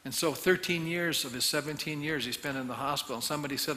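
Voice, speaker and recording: Bright-voiced pastor preaching in a hall. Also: male voice, mid-range voice, steady tone, fast talker, few pauses, slight background noise. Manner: earnest, pleading, rises and drops in volume. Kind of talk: sermon. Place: church sanctuary. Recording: long reverb of a large hall.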